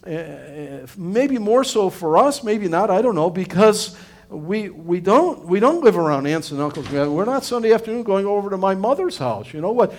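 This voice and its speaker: A middle-aged pastor gives a loose, conversational sermon, his voice high for a man and swinging up and down in a sing-song way at normal speed. Earnest and rambling, he keeps circling back, restarting often and filling gaps as he drives his point home.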